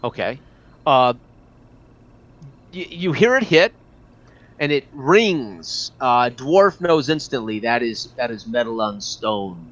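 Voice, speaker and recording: Male GM, average pitch, fumbling improvised narration, muffled lo-fi audio. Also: big pitch swings, fairly bright tone. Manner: halting, many restarts and fillers. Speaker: game master. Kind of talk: narrating a tabletop game.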